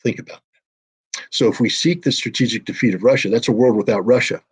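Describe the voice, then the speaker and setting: A husky-voiced man in his sixties speaks as an interview guest. He talks bluntly and emphatically, hammering home his warnings. He sounds like he is on a remote video call. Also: medium pitch, quick pace. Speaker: guest commentator. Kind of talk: impassioned political commentary.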